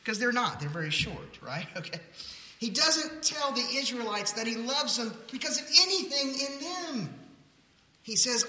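Preacher guy in a big echoey church, bright ringing voice, animated w/ jokey asides. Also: high voice, moderate pace. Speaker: pastor. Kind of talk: sermon. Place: church sanctuary. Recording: echoey hall.

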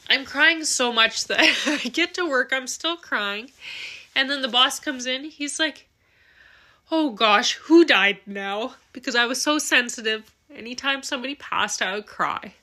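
A woman's voice: sits high, moderate pace, pushed and bright. A young adult woman hosting a podcast, telling personal stories in an earnest, emotional way and swearing casually. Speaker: podcast host. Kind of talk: candid personal monologue.

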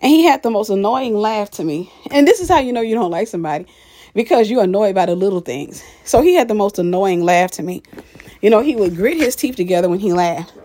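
Husky-voiced woman telling a story. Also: mid-range voice, animated, brisk, dark tone. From Mississippi. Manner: candid, frank, addresses listeners directly; walking up stairs while talking. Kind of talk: casual personal storytelling.

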